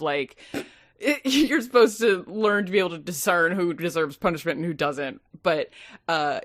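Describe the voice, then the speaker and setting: Lively-voiced woman chatting loosely. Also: on the low side, no room sound, studio quality. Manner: rambling, laughing, swearing. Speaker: podcast co-host. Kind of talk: casual movie-review chat.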